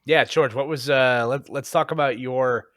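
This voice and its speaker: A young man from North Jersey co-hosts a podcast in loose, casual chat. He rambles from one thought to the next and laughs often, at an average pitch. His voice is dry and close, with no room sound. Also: steady tone, normal speed, a bit bright, dry recording. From North Jersey, USA. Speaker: podcast co-host.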